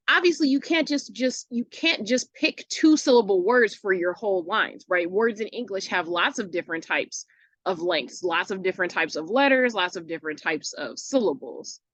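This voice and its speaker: A woman teacher explaining a lesson patiently and casually, often checking in with "right?" and filling pauses with "uh" and "um". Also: mid-range voice, animated, fairly bright tone, dry recording, rough recording.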